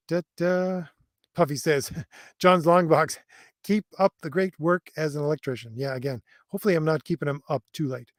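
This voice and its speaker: A middle-aged man hosts a livestream, reading viewer comments aloud in a rambling way full of fillers and chuckles. His voice is a little high, recorded in a studio with no echo, and he says people have always heard it as an old man's.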